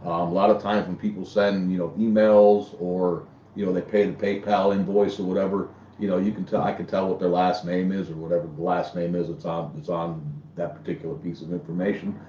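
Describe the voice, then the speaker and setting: A man's voice: low-pitched, little pitch movement, a little fast, dark tone, a little hiss or hum. A man who works as a cameraman, speaking in a loose, rambling way full of fillers. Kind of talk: casual interview talk. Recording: distant, echoey, dull lo-fi.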